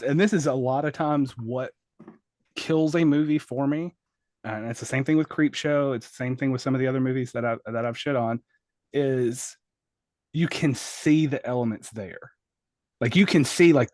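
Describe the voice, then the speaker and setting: A man's voice: medium pitch, moderate pace, darkish tone, no echo, studio quality. A man co-hosting a horror film review podcast, talking bluntly in a rambling, casual way. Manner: blunt, rambling, self-mocking. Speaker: podcast co-host.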